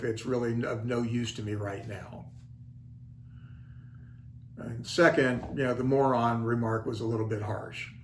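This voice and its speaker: A man's voice: mid-range voice, a little hiss or hum. An older man hosts his own video channel in a casual, folksy way. He pokes fun at himself with dry wit. His voice sits in the middle range and bounces in an echoey room over faint background ambience. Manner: wry, self-deprecating, folksy. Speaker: channel host. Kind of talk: casual storytelling vlog. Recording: roomy echo, faint ambience.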